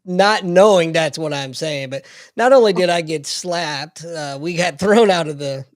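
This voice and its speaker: Slow-spoken guest, dry close sound, laughs easily. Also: medium pitch, no room sound. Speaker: podcast guest. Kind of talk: casual chat.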